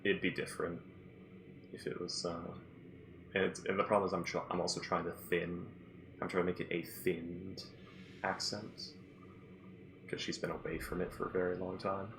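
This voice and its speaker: A man's voice: low voice, little pitch movement, normal speed, long pauses, noisy background. A man running a tabletop game as game master, chatting casually in a rambling, self-deprecating way.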